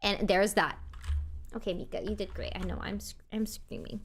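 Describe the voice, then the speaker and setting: A woman live streamer chatting casually, excitable and swinging between loud outbursts and quiet mumbles, grateful and playfully defensive. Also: mid-range voice, normal speed, a little hiss or hum. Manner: playfully defensive toward chat; warm and grateful, thanking people one after another.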